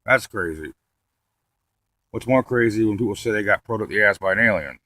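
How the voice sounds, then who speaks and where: Bright-voiced man doing a rambling stand-up set. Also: lowish voice, a little fast, dry recording. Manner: rambling, deadpan delivery with frequent cursing. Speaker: stand-up comedian.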